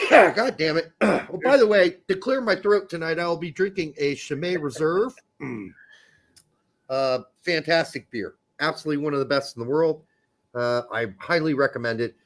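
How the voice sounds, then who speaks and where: A man's voice: on the high side, normal speed. A man co-hosting a casual soccer podcast, joking and swearing freely as he talks. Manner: profane, joking, animated. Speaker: podcast co-host. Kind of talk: casual sports chat.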